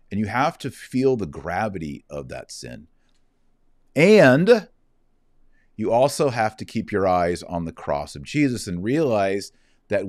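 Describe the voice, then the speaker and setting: A middle-aged man with a very deep voice tells a story in an earnest, conversational way, acting out the dialogue. The recording is dry and close, with no room sound. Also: no room sound. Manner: earnest, animated retelling with quoted dialogue. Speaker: speaker telling a story and answering a question. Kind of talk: casual storytelling and preaching.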